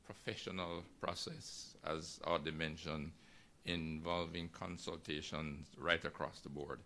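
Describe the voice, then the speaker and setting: A man moderating a formal signing ceremony, thanking speakers and introducing guests in a measured, gracious way. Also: extremely low pitch, fairly even intonation, pushed and bright, slight background noise.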